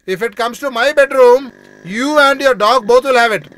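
A cheeky young loafer for an English movie dub, teasing and bossy. His voice sits high and sounds bright. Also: moderate pace. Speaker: dub actor.

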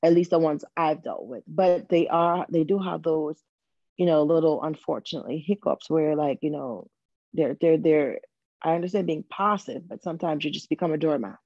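A woman appears as a guest in a casual interview, speaking frankly and animatedly with lots of fillers and restarts. Her deep, mellow voice moves at normal speed, captured in a dull lo-fi recording with no room sound.

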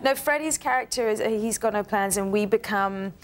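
A woman's voice: mid-range voice, moderate pace. A woman from London with a British accent, a guest actress on a TV talk show, modest and wry, laughing easily.

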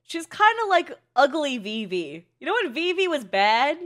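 Excitable young woman reacting to anime, high voice that swings all over, swears a lot. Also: moderate pace. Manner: excitable, swears, laughs often, shrieks when shocked. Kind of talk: casual reaction commentary.

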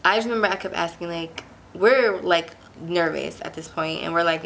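A woman's voice: lowish voice, moderate pace, gravelly, a bit bright, slight background noise. A young woman from Pittsburgh telling a personal story in a casual, chatty way, full of "like" fillers and emphatic retelling. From Pittsburgh, USA. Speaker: vlogger.

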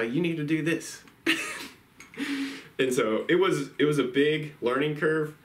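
A man's voice: lowish voice, pushed and bright, echoey room. A man hosting a duck hunting vlog, talking in a laid-back, rambling way with lots of "you know" fillers. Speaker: duck hunting channel host. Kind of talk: casual vlog talk.

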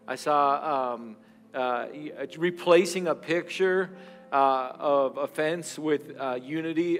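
A man pastor leads a closing altar call and prayer in a halting, filler-laden way that swells into fervent exhortation. His voice is somewhat high for a man. It rings in a reverberant church hall over soft instrumental music. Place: church sanctuary.

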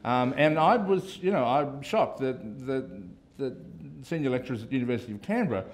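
A man's voice: medium pitch, animated, normal speed, slight background noise. An Australian man, a cartoonist speaking on a panel, rambling and self-deprecating with many fillers. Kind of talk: casual panel talk.

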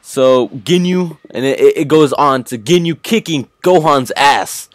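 A man hosting a reaction channel, giving an excited, profane recap of an anime episode and repeating his exclamations. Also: medium pitch, a little slow, dry recording. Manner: hyped, swears often, repeats exclamations.

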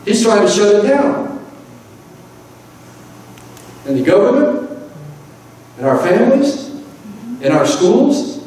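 A man's voice: sits high, big pitch swings, slow, long pauses, warm tone. A male pastor delivering a fervent, rhythmic sermon from a church pulpit, his calls rising and falling. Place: church sanctuary. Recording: echoey church hall from far off.

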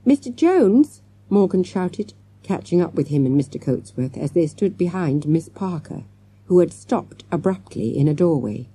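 A woman narrating a children's audiobook with lively storytelling and many character voices. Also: deep voice, moderate pace, few pauses, slightly rough.

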